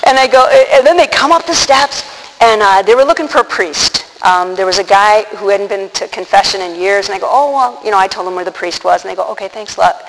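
A woman telling a personal story to an audience, animated, acting out the quotes and laughing often. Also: mid-range voice, brisk. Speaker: religious speaker. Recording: long hall reverb, faint noise.

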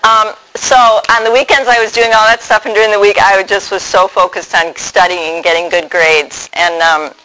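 A man telling his personal testimony in a reflective way, pausing often with ums and restarts. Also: high voice, steady tone, bright, forceful tone, low-quality recording. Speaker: speaker sharing his faith story.

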